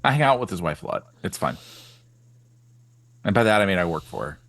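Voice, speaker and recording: Sarcastic man with lively voice. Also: low-pitched, a little fast, no room sound. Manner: sarcastic, teasing. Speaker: player. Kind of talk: playing a tabletop role-play game.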